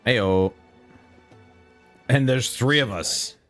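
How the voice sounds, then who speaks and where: A man streaming a video game, joking and breaking into loud exclamations. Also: medium pitch, big pitch swings, drawn-out words, faint music behind. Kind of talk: casual let's-play commentary.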